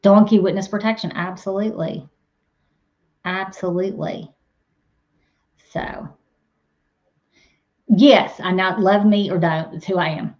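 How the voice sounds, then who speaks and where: Woman host, rambling casual chat, slightly dull lo-fi sound, middle pitch. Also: fairly even intonation, unhurried, long pauses, a little mellow. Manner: chatty, rambling, laughs and teases. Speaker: farm channel host. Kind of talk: casual live chat with viewers.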